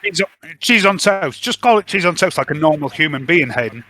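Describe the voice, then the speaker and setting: A man's voice: a little high, lively intonation, pushed and bright. A man running a tabletop role-playing game, jokey and teasing with his players. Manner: jokey, teasing, quick to laugh. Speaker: game master. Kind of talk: casual tabletop game narration.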